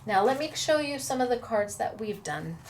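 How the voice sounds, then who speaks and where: A woman's voice: fairly high pitch, animated, moderate pace, a little hiss or hum. A middle-aged woman hosting a crafting tutorial, bubbly and encouraging as she gushes over her projects. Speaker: crafting show host.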